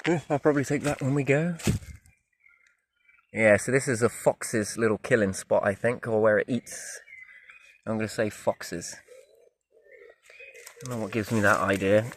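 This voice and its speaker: A man walking by a river in the woods, musing aloud as he goes, often trailing off into quiet wondering remarks. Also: fairly low pitch, a little hiss or hum. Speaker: vlogger.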